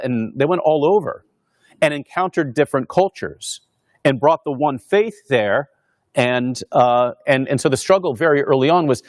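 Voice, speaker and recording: Pastor giving a casual lecture. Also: male voice, mid-range voice, no echo, clean studio sound. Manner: conversational with many restarts and fillers. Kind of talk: informal lecture talk. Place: Northern Virginia parish pastor speaking at a university.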